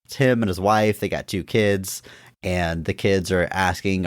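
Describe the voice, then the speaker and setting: A man co-hosting a podcast in casual chat, relaxed and measured, with frequent fillers. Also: low-pitched, no room sound, studio quality. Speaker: podcast co-host.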